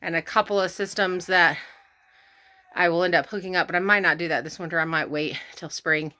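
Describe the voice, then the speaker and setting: A woman's voice: lowish voice, fairly even intonation, a little fast, bright, forceful tone. A woman vlogging casually around her homestead, chatty and a bit out of breath, laughing often and talking to her cats. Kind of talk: casual walkthrough vlog. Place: rural cabin homestead, indoors and out.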